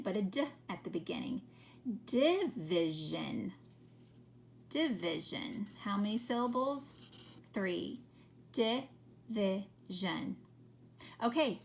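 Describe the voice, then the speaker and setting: A woman teaching children phonics, speaking at a very slow, deliberate pace. Her voice carries a gravelly fry, and faint background noise sits under the recording. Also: mid-range voice. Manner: slow, carefully sounding out words.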